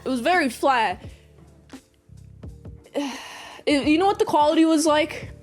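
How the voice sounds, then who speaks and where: A woman reviewer casually recapping a movie, rambling with sarcastic asides. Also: high-pitched.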